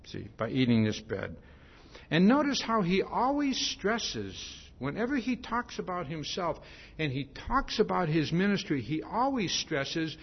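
A man's voice: on the high side, a little slow, creaky, husky. A male preacher giving an expository Bible sermon, emphatic, often asking "see?" to drive each point home. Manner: repeats "see?" often, emphatic, lively rises and drops. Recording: dull lo-fi sermon recording.

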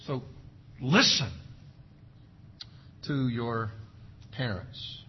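A man's voice: mid-range voice, very slow, breathy edge, highs cut off. A man preaching a sermon as pastor, emphatic and full of rhetorical questions. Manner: emphatic, rhetorical questions, acts out parents' sayings.

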